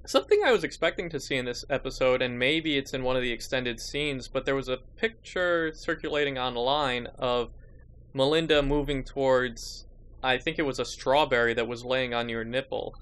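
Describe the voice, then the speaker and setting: A man's voice: medium pitch, normal speed, fairly bright tone, clear, resonant tone. A man hosting a podcast in casual chat, with wry, sarcastic remarks and laughing asides. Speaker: podcast host.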